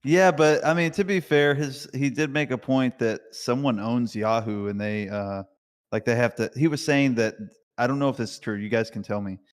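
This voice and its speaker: A man ranting excitedly and swearing a lot while chatting on a live voice call. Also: medium pitch, normal speed, clean tone, in a large hall. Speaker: caller in a live voice chat. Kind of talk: casual chat.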